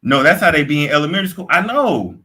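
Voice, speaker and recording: A young man giving casual, profane gossip commentary, animated and quick to react, sometimes slipping into put-on accents. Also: fairly high pitch. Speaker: commentary host.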